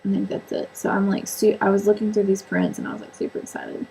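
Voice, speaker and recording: On her book and sewing vlog, a woman talks fast in a flat, mid-range voice with vocal fry and a dark tone; the low-quality recording carries some hiss or hum. Her solo chat is rambling and self-mocking, thick with fillers.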